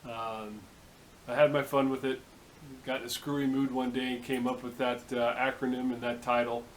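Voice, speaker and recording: A man's voice: medium pitch, little pitch movement, moderate pace, slight background noise, poor audio. Easygoing man rambling in his workshop. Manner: easygoing, many "uh" and "um" fillers. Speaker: workshop video host. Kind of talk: casual rambling vlog talk. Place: home workshop.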